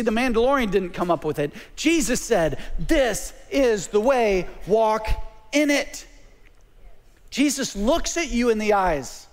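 A man preaching a sermon as pastor, calling for amens and dropping to a hush at times. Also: very high-pitched, big-room sound. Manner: call-and-response preaching, swinging from loud to hushed.

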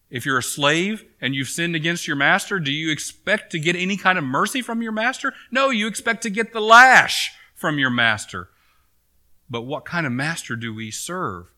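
Pastor guy preaching, bright forceful voice, goes soft then punches it up, earnest. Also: mid-range voice, very animated, moderate pace. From United States. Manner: earnest preaching, drops softly then rises emphatically. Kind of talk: sermon. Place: church sanctuary.

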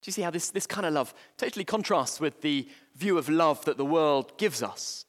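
A man preaches a sermon in a slightly raised voice, earnest and a little halting as he restarts his phrases. His words ring out with a long reverb, as in a large church hall. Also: fairly high pitch, expressive.

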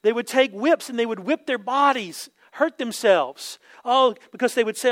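A man's voice: normal speed, few pauses, fairly bright tone. A man preaching a conversational sermon, often asking "right?" and acting out quoted voices. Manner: acts out quotes with sudden pitch jumps. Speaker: pastor. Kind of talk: expository sermon.

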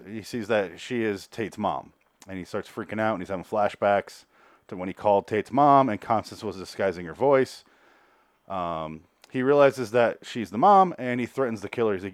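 A man's voice: on the low side, animated, no room sound, clean studio sound. A man hosting a casual podcast, recapping a TV episode in a rambling, sarcastic way, with lots of swearing. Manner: rambling, sarcastic, acts out characters' lines in quick asides. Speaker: podcast host reviewing a TV show.

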